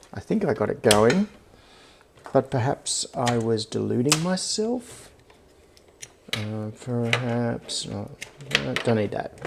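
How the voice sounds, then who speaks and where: A slight hiss or hum sits under this creaky, mildly mellow mid-range voice belonging to a middle-aged Australian man with a touch of American accent. He hosts a casual livestream from his home workshop, tinkering and talking to himself in a rambling, self-mocking way.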